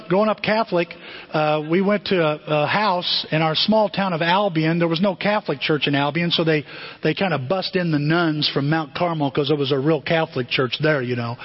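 An older man, a pastor, preaching a sermon and telling stories, acting out the voices of people he quotes. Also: on the high side. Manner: storytelling, animated, acts out quoted voices. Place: church sanctuary. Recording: dull long-reverb church hall.

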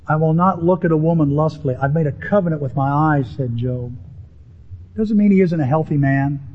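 Emphatic male pastor mid-sermon, fairly high voice, dull recording. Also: brisk, slight background noise. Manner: animated, emphatic preaching with rising pitch on key words. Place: church sanctuary with a congregation.

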